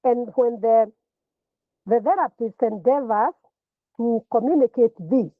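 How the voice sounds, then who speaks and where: A woman's voice: on the high side, measured pace, no room sound. Woman lecturing over a tinny line. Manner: repeats words and restarts while explaining. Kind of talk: classroom lecture.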